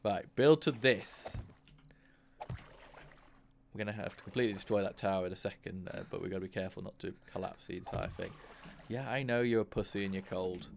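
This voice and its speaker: Male let's-play host, low and gravelly, casual thinking-aloud commentary with bursts of cursing. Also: brisk, a little hiss or hum. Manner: thinks aloud, grows frustrated and swears. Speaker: gaming channel host.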